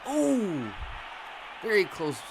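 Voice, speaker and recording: A young man doing casual, laughing live commentary on a simulated football game, breaking into shouts at big plays. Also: sits high, very animated, extremely slow, gravelly, over a noisy crowd, very noisy.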